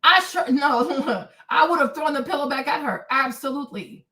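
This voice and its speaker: A woman's voice: sits high, normal speed. A young woman hosting a livestream, ranting indignantly to her viewers in a casual storytelling way. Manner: animated, indignant, talks to viewers as y'all. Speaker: livestream host.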